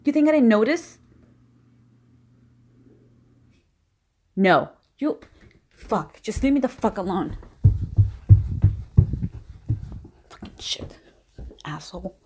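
A young woman acting a jealous, foul-mouthed girlfriend in an audio role-play, swearing constantly and swinging between low mutters and shouting. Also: sing-song, moderate pace, background noise. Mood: furious.

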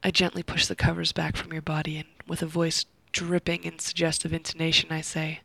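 A woman narrating a first-person erotic story in an intimate voice that slips into soft whispers, with heavy vocal fry. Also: sits low, monotone, a little fast, dry recording, poor audio.

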